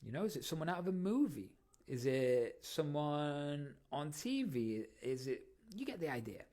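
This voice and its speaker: Lively-pitched energetic male podcast host. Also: normal speed. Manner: energetic, coaching listeners with questions. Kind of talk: motivational solo podcast.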